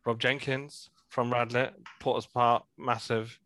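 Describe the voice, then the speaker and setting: A man's voice: mid-range voice, a little slow. Teasing podcast host man. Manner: relaxed, laughs easily, teasing questions. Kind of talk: casual chat.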